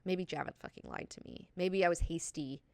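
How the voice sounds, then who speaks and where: A woman's voice: fairly low pitch, brisk, gravelly, darkish tone, no room sound, studio quality. A woman voicing an overwhelmed young woman regent who swears in exasperation. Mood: exasperated.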